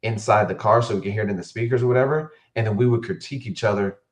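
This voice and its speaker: A male football coach recounts stories as a podcast guest. His voice sits a little low, and he speaks casually with frequent fillers and restarts. He animates his stories by voicing the people in them. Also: very fast. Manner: animated storyteller who acts out quotes, many fillers and restarts. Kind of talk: interview storytelling.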